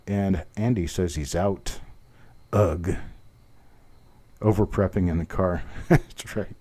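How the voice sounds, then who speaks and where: Man, auction host, low voice, warm tone, chatty bid calls, self-deprecating asides. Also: a little slow. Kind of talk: live online auction calling.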